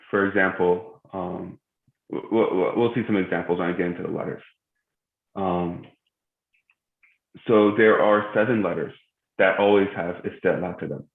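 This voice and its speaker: A young man with a low, deep voice leads a live recitation lesson, pausing often with fillers and correcting himself. His voice carries the echo of a large prayer room. The stream sounds thin and phone-like. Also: vocal fry. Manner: hesitant, many filler sounds, self-correcting. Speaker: tajweed teacher. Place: mosque. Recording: echoey, tinny phone-like stream.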